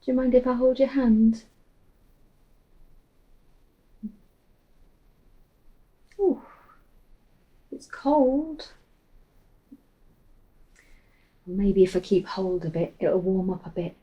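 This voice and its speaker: An actress playing a grieving middle-aged mother, speaking softly and haltingly, often dropping to a whisper. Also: fairly high pitch, steady tone. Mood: gentle, warm. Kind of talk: film drama monologue.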